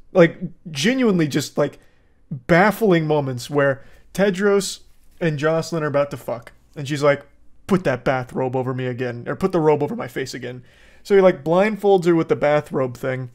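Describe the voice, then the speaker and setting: A young man giving casual, rambling commentary on a TV show, crude and amused. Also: fairly high pitch. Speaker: show reviewer.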